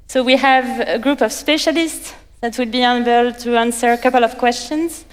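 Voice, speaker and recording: A woman's voice: a little high, moderate pace, smooth. French-accented woman moderating in a hall. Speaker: panel moderator. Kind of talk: conference panel moderation. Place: conference stage. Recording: reverberant conference hall.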